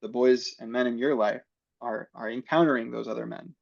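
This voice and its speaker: A man's voice: medium pitch, steady tone, a little fast, gravelly, no echo. A man talking as a podcast guest, explaining his views in a reflective way with many fillers. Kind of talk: casual conversation. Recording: dull, dry sound.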